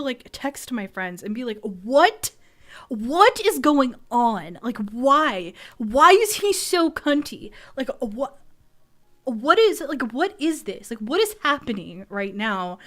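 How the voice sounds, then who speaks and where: A young woman chatting casually on her stream, worked up and swearing freely as she gushes. Her voice sits a little high, and she takes her time, trailing off and restarting mid-sentence. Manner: excitable, swearing, gushing with stammered restarts. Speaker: vtuber streamer.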